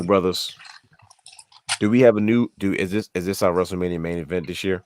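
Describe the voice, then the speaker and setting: A man hosting a wrestling podcast, telling stories excitedly with many restarts in a casual chat. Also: low voice, a little fast, clean tone.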